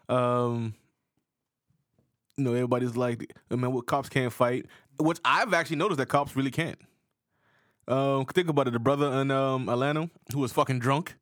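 A man's voice: medium pitch, no room sound, studio quality. A man co-hosting a podcast, talking loosely and profanely in a joking casual chat. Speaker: podcast co-host.

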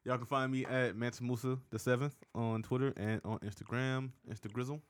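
A man's voice: medium pitch, steady tone, fairly quick. A man from Charleston, South Carolina, a guest in a casual chat, blunt, profane and joking.

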